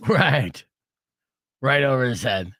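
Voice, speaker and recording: A man's voice: medium pitch, expressive, slow pace, a bit bright, slight background noise. A man hosting a live-streamed podcast who laughs often and chats loosely. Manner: laughs often, loose, chatty, uses fillers. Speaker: podcast host. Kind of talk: casual live-stream chat. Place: studio.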